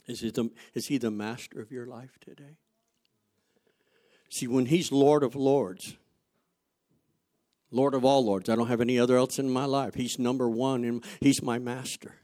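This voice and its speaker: A man's voice: mid-range voice, fairly even intonation, moderate pace, long pauses. Emphatic male preacher. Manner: emphatic preaching with rhetorical questions and anecdotes; swings between loud emphasis and quiet asides. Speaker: pastor. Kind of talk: sermon.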